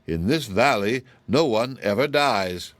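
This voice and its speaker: A man's voice: fairly low pitch, expressive, no echo. A man putting on a scornful cruel giantess. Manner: slow, mocking and menacing.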